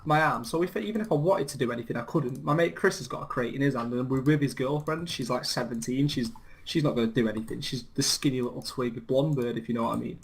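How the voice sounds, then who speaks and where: A man's voice: medium pitch, quick pace, slight background noise. A young English man in laddish game chat with a middling voice, telling boastful stories. Faint keyboard clicks and typing sit behind him. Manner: laddish, boastful storytelling with laughs. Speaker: co-host. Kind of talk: casual chat over gameplay.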